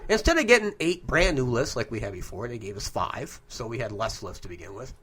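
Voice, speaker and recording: Male co-host, casual chat, lively animated storyteller, from Southern Tier New York. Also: mid-range voice, fairly quick, breathy edge. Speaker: co-host of a paranormal webcast.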